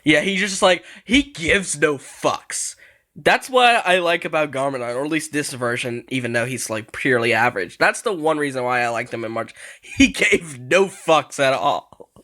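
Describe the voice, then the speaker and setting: A man's voice: on the high side, expressive, moderate pace, bright, forceful tone. A man giving casual reaction commentary on show clips, laughing often between lines and swearing casually.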